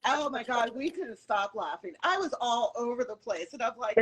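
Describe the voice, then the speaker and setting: A woman interviewer chatting casually and telling an animated story. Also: on the high side, normal speed, over a noisy crowd, poor audio.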